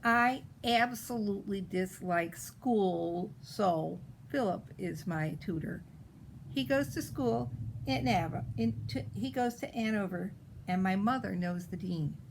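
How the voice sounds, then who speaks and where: A woman voicing a precocious, spoiled little girl as she reads a storybook in character, with a pert, drawn-out way of stressing words. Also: medium pitch, vocal fry, slight background noise, rough recording.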